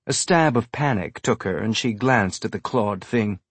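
A man reading a novel aloud in measured, unhurried scripted narration on a close studio microphone. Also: lowish voice, husky, dry recording. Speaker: audiobook narrator.

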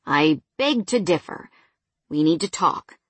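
A woman voicing a pushy, smooth-talking male ex-boyfriend in an audiobook, who speaks insistently and persuasively. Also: on the high side, animated, a little slow, a bit bright, no room sound, full character voice.

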